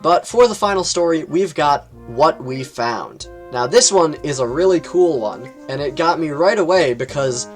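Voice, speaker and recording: A man casually reviewing books on his channel, rambling, with lots of fillers and quick jumps in pitch. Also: expressive, faint music behind. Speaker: book reviewer.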